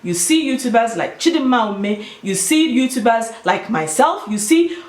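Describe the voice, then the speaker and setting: A woman's voice: a little high, animated, normal speed. Emphatic Nigerian woman vlogging, echoey room. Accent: Nigerian (Igbo). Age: adult with children. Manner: emphatic, explaining and storytelling. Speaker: YouTuber. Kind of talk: casual vlog talk.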